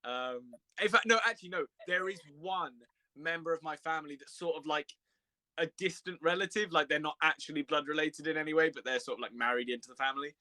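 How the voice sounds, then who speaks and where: A man's voice: fairly high pitch, fast, sharp tone, no echo. A young man, chatting casually on a live stream, laughing often and rambling with restarts. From England.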